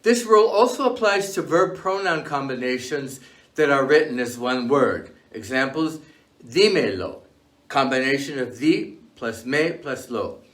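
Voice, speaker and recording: A man reading a scripted language lesson in a measured, clear way, slowing down to lay out example words. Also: mid-range voice, expressive, fairly bright tone. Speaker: language teacher.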